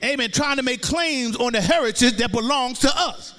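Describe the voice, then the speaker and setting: A very high-voiced male preacher with a bright, forceful tone, chanting his sermon in a sing-song cadence that swells into shouts. He speaks straight to the congregation and draws their answers. His voice rings through the long reverb of a big church hall. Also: moderate pace. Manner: addresses the congregation, drawing call-and-response. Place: church sanctuary.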